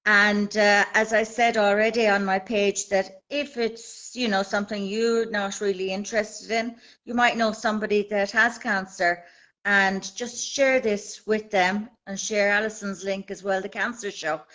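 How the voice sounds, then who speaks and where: A woman's voice: medium pitch, fairly bright tone, low-quality recording. Earnest Irish woman in her fifties. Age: 50s. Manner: earnest, rallying, speaks in repeated phrases. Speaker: guest. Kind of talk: live video call interview. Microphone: phone held by hand on video call.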